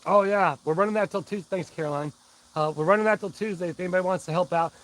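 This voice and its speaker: A man's voice: sits high, quick pace, fairly bright tone, poor audio. A man hosting a casual live stream, rambling along and greeting viewers by name. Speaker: livestream host.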